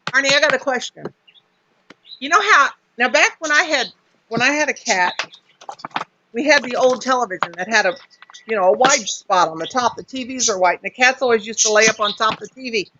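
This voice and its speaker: A woman's voice: fairly high pitch, expressive, a little fast, noisy background. A woman in casual live chat who laughs often. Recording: muffled lo-fi audio.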